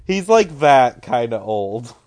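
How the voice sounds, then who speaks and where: A man's voice: medium pitch, very animated, slow, a little mellow. A young man co-hosting a casual movie chat, making dry, wry remarks about the plot. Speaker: podcast co-host.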